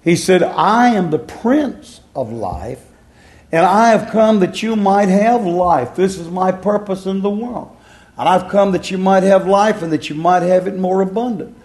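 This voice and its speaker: A man's voice: on the high side, gravelly, a little mellow. A man preaching a sermon in a folksy, repetitive way, drawing out words for emphasis.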